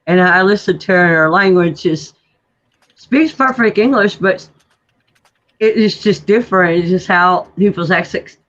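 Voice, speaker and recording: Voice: mid-range voice, moderate pace, a bit bright, muffled recording. A curious guest rambling with lots of restarts in a casual group chat.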